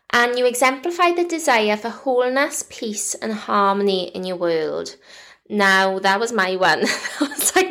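A woman's voice: medium pitch, creaky, fairly bright tone. A woman in her thirties with a British accent, hosting a podcast in a chatty, confiding way with lots of "like" fillers. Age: 30s. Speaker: podcast host. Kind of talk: casual solo podcast chat.

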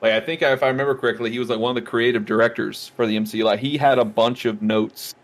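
A man co-hosting a casual movie review podcast, retelling scenes with lively, excited outbursts. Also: medium pitch, fast talker. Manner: animated storytelling, acts out scenes with excited outbursts. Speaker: podcast co-host.

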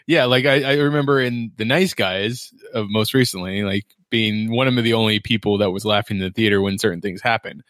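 A man's voice: fairly low pitch, fairly quick, few pauses, fairly bright tone, no echo, studio quality. A man co-hosting a podcast, rambling through a casual movie chat and laughing often. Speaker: podcast co-host.

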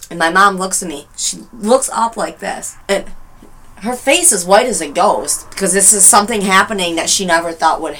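A woman's voice: mid-range voice, moderate pace, slight background noise. A woman co-hosting a casual talk show, telling a personal story animatedly and acting out what people said. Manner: animated, emotional storyteller who acts out quotes. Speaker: podcast co-host.

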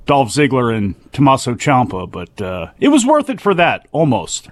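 A man's voice: mid-range voice, huge pitch swings, normal speed, no room sound. A man co-hosting a wrestling talk show, answering with short, dry, teasing replies. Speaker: co-host. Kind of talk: casual podcast talk.

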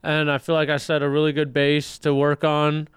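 A man with a very smooth, clear and fairly high voice, talking earnestly and running himself down. The sound is dry and close, with almost no room in it. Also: completely flat delivery, moderate pace, no echo. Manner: earnest and self-deprecating. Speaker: podcast co-host, new stand-up comic. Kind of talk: casual chat.

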